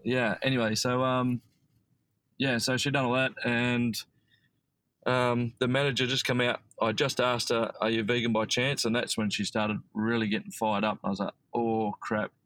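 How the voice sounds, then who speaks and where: A man's voice: medium pitch, little pitch movement, moderate pace, fairly bright tone, no echo, poor audio. A man with an Australian accent, a podcast guest telling a long story casually, rambling with many fillers and restarts.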